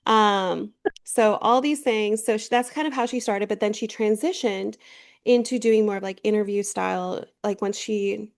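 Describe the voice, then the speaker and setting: A woman's voice: medium pitch, normal speed, vocal fry. A woman co-hosting a podcast in casual chat, rambling with lots of fillers and swearing freely. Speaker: podcast co-host.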